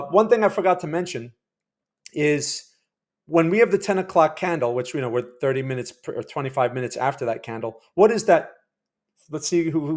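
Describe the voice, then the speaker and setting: A man hosts a live day-trading stream, chatting and rambling as he comments on trades and quizzes his chat. His voice is on the high side and a little mellow.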